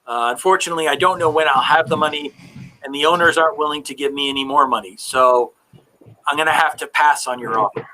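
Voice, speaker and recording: A man's voice: a little high, fast talker, sharp tone, slight background noise, rough recording. A man voicing a hesitant male bartender who apologizes because he is short of money. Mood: apologetic. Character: apologetic, cash-strapped male tavern bartender.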